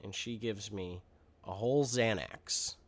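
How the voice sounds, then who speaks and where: A man's voice: on the low side, a little slow. Man telling a rambling, playful story. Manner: rambling, playful storytelling with mock-childish exaggeration. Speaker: podcast co-host. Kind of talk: casual chat.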